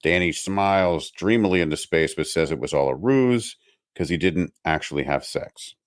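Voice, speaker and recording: Male podcast co-host, very low voice, dry close sound, deadpan recap. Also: moderate pace, no echo. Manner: reads plot summary, dry jokes. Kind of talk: casual podcast chat.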